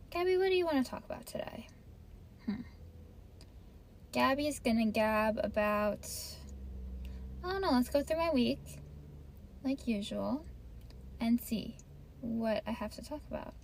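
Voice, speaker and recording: Raspy-voiced young woman rambling in a car. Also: on the high side, slight background noise. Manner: rambly, distracted, swears freely. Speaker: podcast host. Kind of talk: casual rambling chat. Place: parked car by a beach.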